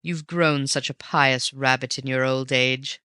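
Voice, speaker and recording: A reader voicing a cool, mocking gentleman thief who talks low and forcefully, in an audiobook reading. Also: fairly even intonation, a little slow, clean tone, no room sound, clean studio sound. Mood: wry. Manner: snarling and teasing by turns.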